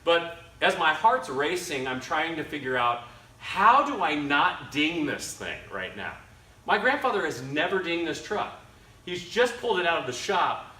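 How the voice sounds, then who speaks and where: A young man speaking to a men's ministry dinner conference, telling a personal story in an animated way and acting out other people's lines. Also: fairly high pitch. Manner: animated, acts out his grandfather's lines. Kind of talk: storytelling talk to an audience. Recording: echoey hall, slightly distant mic.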